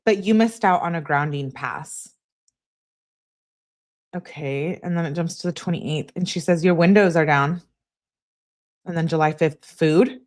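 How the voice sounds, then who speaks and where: A woman on a live stream reading text messages aloud in a steady voice, breaking off to answer her chat. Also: deep voice, measured pace, long pauses. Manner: flat reading, asides to chat.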